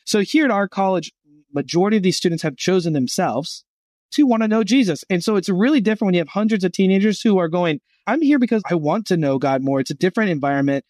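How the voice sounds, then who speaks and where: Talking fast in a high-pitched voice, a middle-aged man appears on a podcast interview for a Christian gap year college. He's an animated storyteller who voices each person he quotes, recorded in clean studio sound with no room sound.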